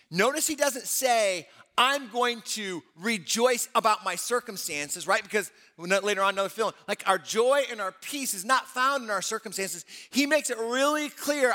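High, bright-voiced male pastor preaching. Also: normal speed, hardly any pauses, in a large hall. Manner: animated preaching, voicing prophet and God in dialogue. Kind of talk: sermon.

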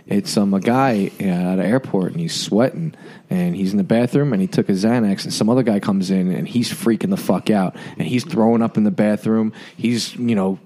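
A comedian on a podcast, telling crude joke stories in casual banter. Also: male voice, on the low side, normal speed. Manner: storytelling, crude and loud when laughing.

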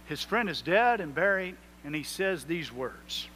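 A man's voice: fairly high pitch, animated, a little slow, sharp tone, slight background noise. A man preaching a sermon, rising into emphatic swells and acting out prayers in quotes. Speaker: pastor.

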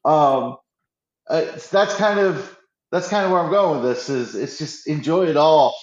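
A man's voice: on the high side, unhurried. Eager man, casual chat, roomy slightly dull recording, frequent restarts. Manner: enthusiastic, restarts often, acts out quotes. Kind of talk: casual pop-culture chat.

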